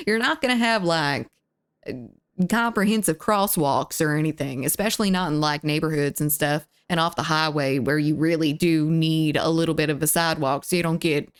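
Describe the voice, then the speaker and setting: A woman's voice: deep voice, normal speed, clear, resonant tone. A woman, rambling in casual chat with her live viewers and reading their messages aloud. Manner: rambling, lots of filler "like", reads chat aloud. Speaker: streamer.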